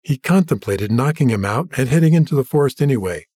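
A man narrates a story at an even, measured pace. His voice has a husky edge, and the recording is dry and close with no room sound. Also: mid-range voice, no echo. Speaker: audiobook narrator. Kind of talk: scripted narration.

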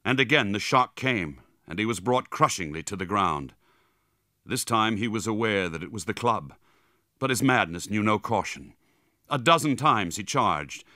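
A man reading a story aloud in a lower register, his delivery dramatic and vivid with a wide, lively swing of pitch. His tone is bright and forceful in a close, dry recording. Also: dry recording. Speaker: audiobook narrator. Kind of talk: scripted narration.

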